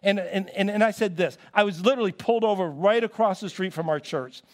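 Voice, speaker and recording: A man's voice: high-pitched, a little fast. A male pastor preaching a sermon in church, telling stories with acted-out quotes and frequent restarts. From United States.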